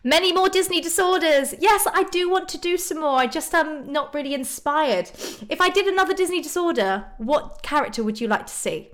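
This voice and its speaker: A woman's voice: sits high, animated, fairly quick, few pauses, fairly bright tone. A woman from Ireland chatting casually on a live stream, reading out viewer comments and answering them. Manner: bubbly, frequent ums and laughs.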